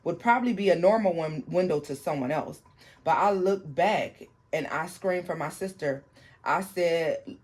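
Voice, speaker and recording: Halting storyteller reading a ghost story. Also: medium pitch, darkish tone. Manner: reads haltingly, with frequent restarts and asides to viewers. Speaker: tarot channel host. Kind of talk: reading a viewer's paranormal story aloud.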